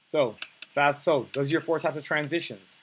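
A man's voice: fairly high pitch, normal speed, a little hiss or hum, rough recording. A man coaching on dating, teaching in a blunt, profane, emphatic way. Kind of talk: coaching lesson.

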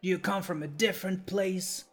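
Wary carnival hand, polite and hesitant, gravelly, voiced by a man. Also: high-pitched, steady tone, normal speed, a bit bright.

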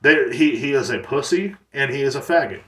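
A man's voice: medium pitch, animated, a little fast, fairly bright tone. A man hosting a podcast, talking in a rambling, boastful and crude way with many fillers and restarts. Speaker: podcast host. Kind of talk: casual monologue podcast. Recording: roomy, distant mic.

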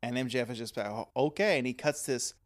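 A man in casual podcast chat, a co-host with an animated storytelling manner. He often lets his sentences fade out quietly at the end. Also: medium pitch, very fast. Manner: animated storyteller, trails off quietly at phrase ends.

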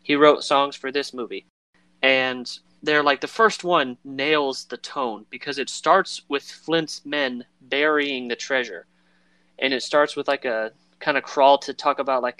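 A man chatting casually as a podcast co-host, with a bright, forceful tone at a middling pitch. He rambles with plenty of fillers and slips into voices to act out quotes. The sound is dry and close to the mic. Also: clean tone, no room sound. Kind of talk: casual chat about a film.

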